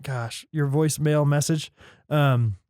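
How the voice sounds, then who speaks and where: A man's voice: fairly high pitch, fairly even intonation, slow pace, a little mellow, clean tone, no room sound, clean studio sound. A man co-hosting a podcast in casual chat, playful and teasing, laughing easily. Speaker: podcast co-host.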